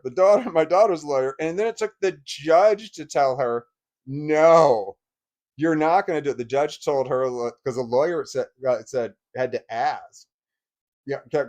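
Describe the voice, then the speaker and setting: A middle-aged man telling a personal story in a casual, rambling way, with many restarts and short laughs, getting louder and higher as he gets worked up. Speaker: vlogger.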